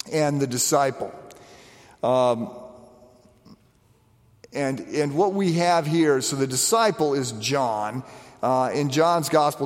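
A man preaching a conversational sermon, animated, with frequent restarts and asides. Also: medium pitch, big-room sound. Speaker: pastor. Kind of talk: sermon on the stations of the cross.

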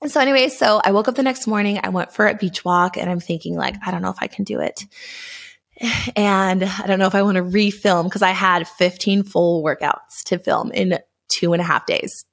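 Earnest young woman with a gravelly edge. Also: medium pitch, a little fast. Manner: earnest, emotional, animated storytelling. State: pregnant. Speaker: podcast host. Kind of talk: personal storytelling monologue.

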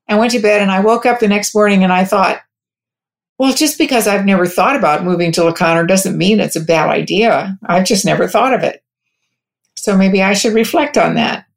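A woman of medium pitch with vocal fry tells an interviewer about her own experience. Appearing as a guest, she rambles, keeps restarting sentences, and quotes what others told her.

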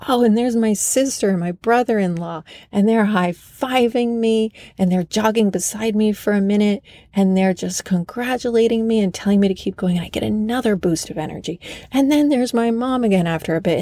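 A woman's voice: medium pitch, dark tone, no echo. A woman hosting a podcast, telling a personal story in an earnest, enthusiastic way. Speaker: podcast host.

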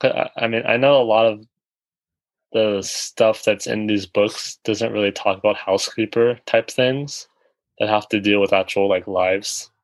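A man in a group talk who thanks the teacher and then asks a question. He speaks in a halting, self-conscious way and restarts often. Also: on the low side, steady tone, dry recording, poor audio. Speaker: participant asking a question.

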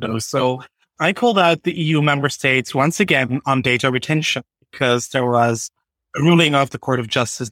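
A man co-hosting a podcast, explaining things in a measured way. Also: medium pitch, a bit bright, dry recording, clean studio sound. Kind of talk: casual podcast chat.

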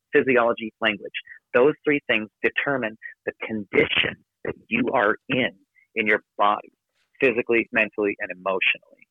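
A man giving an energetic, emphatic motivational talk from his office as a podcast guest. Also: fairly low pitch, no echo. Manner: energetic, emphatic, rapid coaching delivery. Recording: dry, phone-like narrow sound.

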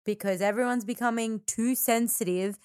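A woman's voice: fairly high pitch, steady tone, moderate pace, a little mellow, no room sound, clean studio sound. An Australian woman co-hosting a podcast, chatting casually in a brash, joking way. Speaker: podcast co-host.

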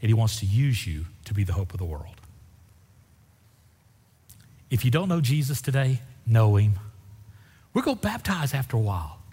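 A man's voice: brisk, breathy edge. A pastor preaching a sermon, telling folksy stories with big swings in his voice. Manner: folksy storytelling with lively swings in pitch. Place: church sanctuary. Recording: echoey hall with long reverb.

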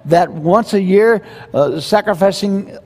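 A pastor preaching a verse-by-verse sermon in a conversational, animated way, with quoted asides. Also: male voice, sits high, a little slow, in a large hall.

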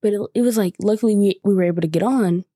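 A woman's voice: mid-range voice, fast, mellow, no room sound, studio quality. Chatty young woman telling stories. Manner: chatty, lots of 'like' fillers. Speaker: podcast host. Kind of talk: casual storytelling.

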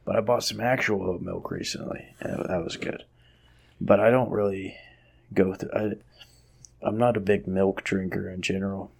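A man's voice: deep voice, steady tone, moderate pace, creaky, darkish tone, slightly rough. A man co-hosting a casual podcast, rambling through stories with many likes and restarts. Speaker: podcast co-host. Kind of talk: casual chat.

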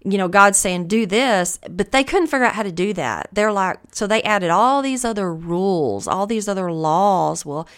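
A woman's voice: medium pitch, lively intonation, normal speed, hardly any pauses. A woman host giving a conversational devotional Bible teaching, earnest and encouraging, often thinking aloud.

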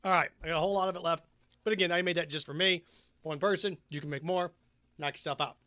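A man's voice: on the high side, fairly even intonation, fast, pushed and bright, no echo. A man hosting a podcast, chatting casually and jokingly while mixing a drink, humming along as he goes. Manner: jokey and rambling, hums and sings along. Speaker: podcast host.

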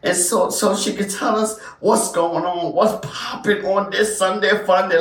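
A man with an African American accent, co-hosting a podcast in a slangy, high-energy way. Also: a little slow, hardly any pauses, reverberant, distant mic. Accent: African American Vernacular English. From United States. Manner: energetic, slangy, hypes the crowd. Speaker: podcast co-host. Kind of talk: casual hype chat.

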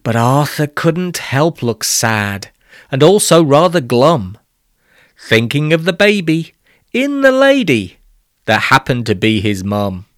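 A man's voice: medium pitch, sing-song, slow pace, no room sound, clean studio sound. A man narrating a rhyming children's story with a weary, exasperated patience.

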